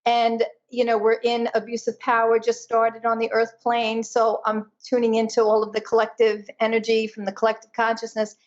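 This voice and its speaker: Woman guest, fairly high voice, emphatic storyteller, muffled lo-fi audio. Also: monotone, moderate pace, hardly any pauses. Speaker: guest, energy intuitive. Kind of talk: personal storytelling in a conversation.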